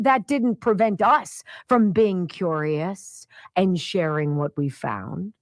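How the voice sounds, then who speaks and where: A woman's voice: lowish voice, lively intonation, slow, dry recording. A woman hosting a talk radio show, giving indignant, opinionated commentary and addressing people directly.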